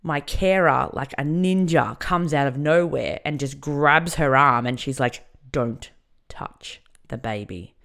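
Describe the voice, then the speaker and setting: A woman's voice: sits low, unhurried, creaky, few pauses, a bit bright. A woman hosting a podcast, candidly telling a personal story in a conversational way. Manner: candid and conversational, with many fillers. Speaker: podcast host.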